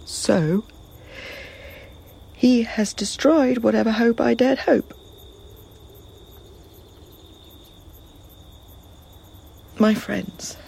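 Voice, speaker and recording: A woman playing a grieving, defiant young princess in a classical drama, with a breathy voice and impassioned lament. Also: mid-range voice, dark tone, heavily acted. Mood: despairing. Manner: impassioned lament, slow and swinging.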